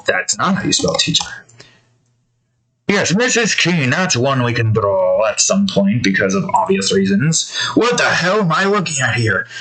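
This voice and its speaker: A man's voice: medium pitch, big pitch swings, unhurried, bright, forceful tone, rough recording. Sex: man. Style: rambling, chaotic chat. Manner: rambling, self-correcting, chaotic. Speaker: host drawing on stream. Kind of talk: casual rambling commentary.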